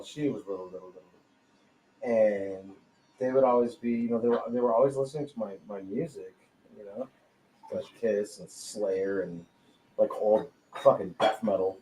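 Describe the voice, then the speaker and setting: A man's voice: lowish voice, normal speed, warm tone, slight background noise. A man telling a personal story in casual chat, swearing freely and laughing often. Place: tattoo studio during a live podcast. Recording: roomy echo, faint ambience.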